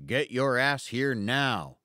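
A man's voice: medium pitch, lively intonation, slow, pushed and bright, dry recording, studio quality. A man playing a blunt, bossy boss. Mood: demanding. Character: gruff male boss chewing out his employee.

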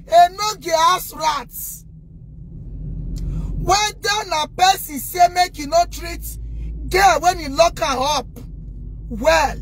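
A woman with a Nigerian accent in an impassioned rant to the camera, scolding loudly and indignantly and addressing her viewers directly. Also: extremely high pitch, takes it slowly, pauses often, slight background noise.

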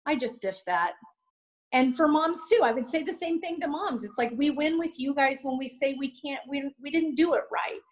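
A woman's voice: sits high, rough recording. A middle-aged mother speaking on a faith-based panel in an earnest, encouraging way, often acting out what to say. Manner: earnest, encouraging, quick with asides. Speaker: youth ministry guest mom.

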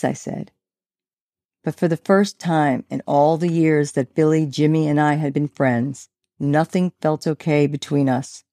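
A woman's voice: low voice, dark tone, dry recording. Author reading her own novel, woman, wry first-person narration, dry close mic.

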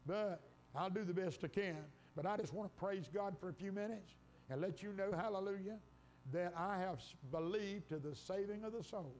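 A man's voice: high voice, moderate pace, darkish tone, slight background noise. A man preaching a sermon in church, quoting scripture and rising to fervent exclamations, his voice congested from an illness. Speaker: pastor. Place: church sanctuary.

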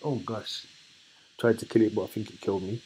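A man leading a casual Bible study, chatty and relaxed, who asks his listeners questions and then answers them himself. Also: lowish voice, a little fast, heavy background noise. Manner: relaxed, chatty and self-correcting. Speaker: scripture teacher.

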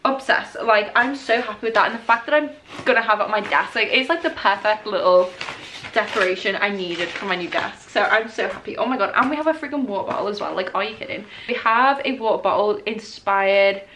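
A young woman chatting casually in a book unboxing vlog, excitable and gushing, often laughing as she talks. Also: medium pitch, slight background noise. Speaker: book vlogger. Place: indoors at home, rain outside.

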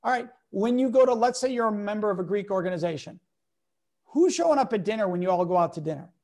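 A man's voice: sits high, quick pace. A man speaking as a guest educator in an interview, talking emphatically and acting out quoted remarks from anecdotes. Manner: emphatic, lively, acts out quotes in different voices. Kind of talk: animated interview talk with acted-out anecdotes.

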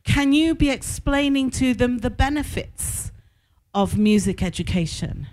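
A woman school consultant giving a talk to school staff in a conference hall, telling stories with lively, emphatic repetition. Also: high voice, measured pace.

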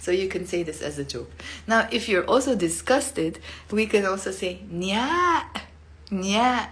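A woman from Lebanon giving a casual online language lesson, acting out each sound playfully with big jumps in pitch and loudness. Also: animated, normal speed. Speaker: Lebanese Arabic teacher.

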